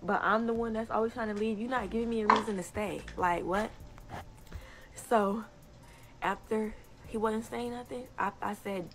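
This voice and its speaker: A young woman telling a casual story time on social media, animated and indignant, often breaking into laughter. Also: on the high side, normal speed, background noise. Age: young adult. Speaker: TikTok storyteller.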